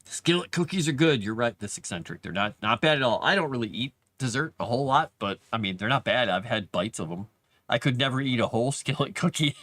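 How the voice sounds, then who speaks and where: Lively chatty man hosting a stream. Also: mid-range voice, fairly quick, no echo. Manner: chatty, rambling, animated, with laughs. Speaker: livestream host. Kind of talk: casual chat with live chat. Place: home basement.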